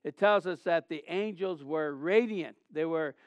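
A man preaching a sermon in a conversational, animated storytelling way, with frequent restarts and repeated phrases. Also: on the high side, a little slow, no room sound. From Southern California. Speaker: pastor.

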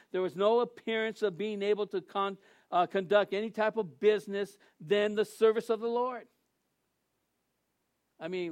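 A man preaching a sermon as a pastor, animated, acting out the people he quotes in shifting voices. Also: high-pitched, no room sound. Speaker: assistant pastor.

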